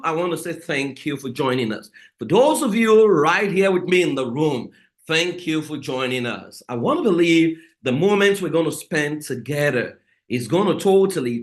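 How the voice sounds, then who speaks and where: A man's voice: a little high, a bit bright. A man hosting a live online family life class, upbeat and repeating his words to rouse the audience. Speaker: session host and family life coach.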